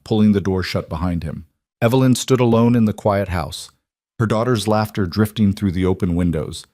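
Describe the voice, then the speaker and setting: A man narrating a frontier storybook, slow, solemn and measured. His voice sits low. The recording is close and dry. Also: darkish tone, dry recording.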